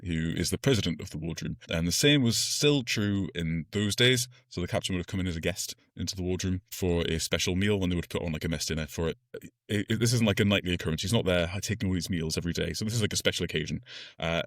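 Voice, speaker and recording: A man's voice: sits low, no echo, clean studio sound. A man co-hosting a podcast, giving an enthusiastic, explanatory film review with frequent laughter. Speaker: podcast co-host. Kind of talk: casual film review chat.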